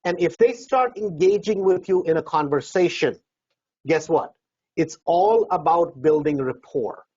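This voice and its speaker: A man's voice: a little high, unhurried, a little mellow, husky, highs cut off. A man coaching real estate investors in a seminar talk, conversational, acting out doorstep dialogue and often asking "right?".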